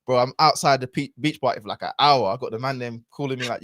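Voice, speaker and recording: A man's voice: medium pitch, fast talker, fairly bright tone, dry recording. A man, a podcast guest telling a personal story in a casual, reflective way with lots of fillers and restarts.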